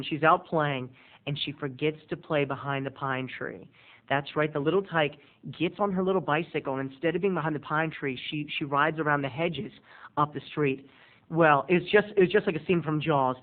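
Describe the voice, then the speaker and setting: Theatrical storytelling man, tinny sound. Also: on the high side. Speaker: video blogger. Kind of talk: animated storytelling.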